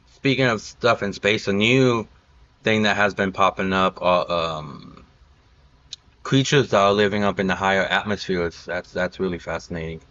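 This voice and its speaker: A man's voice: low-pitched, normal speed, a bit bright, muffled recording. A man hosting a casual podcast chat, rambling through stories with lots of fillers. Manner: rambling, filler-heavy storytelling. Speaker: podcast host.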